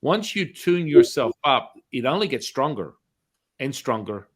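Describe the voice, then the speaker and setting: Animated middle-aged man storytelling. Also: medium pitch, a little slow, husky. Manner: lively, acts out dialogue, casual swearing.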